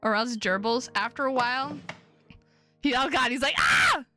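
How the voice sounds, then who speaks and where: Faint music plays behind a woman streamer whose voice sits on the high side, pushed and bright. She moves at a moderate pace, reading a visual novel's lines aloud while joking around and cursing freely in casual chat.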